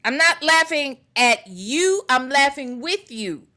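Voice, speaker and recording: A middle-aged woman hosts a chatty livestream, reading out viewer comments and greeting regulars by name. Her voice sits a little high and sounds bright and sharp. She talks at an unhurried pace with a playful manner. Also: lively intonation. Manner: chatty and playful, laughs freely. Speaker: livestream host. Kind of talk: casual livestream chat.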